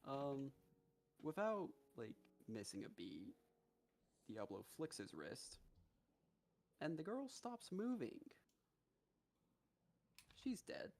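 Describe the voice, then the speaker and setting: A man on a live gaming stream casually retelling a story, animated and profane, with many fillers. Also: medium pitch, slow, pauses often.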